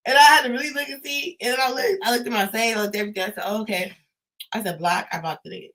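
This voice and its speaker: Young man from California, Californian accent, casual storyteller, animated and profane. Bright tone, sits back from the mic. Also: high-pitched, racing, far from the mic, poor audio. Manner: animated, swears a lot, shouts when riled.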